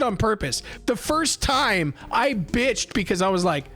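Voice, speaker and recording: Profane, animated man, high voice. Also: a little slow, hardly any pauses, faint music behind. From United States. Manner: animated and profane, acts out heated exchanges. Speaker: streamer. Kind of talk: casual live-stream chat.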